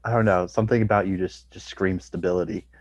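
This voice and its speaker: A man's voice: sits low, fairly even intonation, fast talker, no echo. A man, a comedian guest, chatting casually on a podcast, rambling with lots of fillers and restarts. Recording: dull, dry lo-fi audio.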